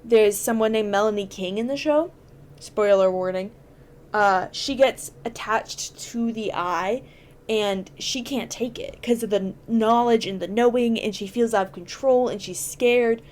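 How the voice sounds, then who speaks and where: Chatty higher-voiced woman podcast host. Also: measured pace, a little mellow. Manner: chatty, enthusiastic, explains at length with many fillers. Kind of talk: casual explainer chat.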